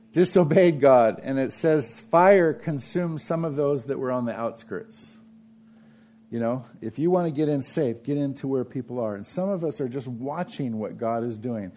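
A man preaching a sermon in a church, emphatic and repeating phrases, swinging between loud and soft delivery. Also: medium pitch. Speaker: pastor.

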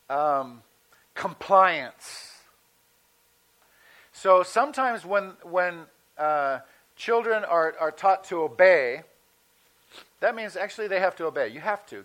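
A male pastor giving a sermon in a conversational teaching manner, slowing down to stress key words. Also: fairly high pitch, expressive, fairly bright tone, low-quality recording.

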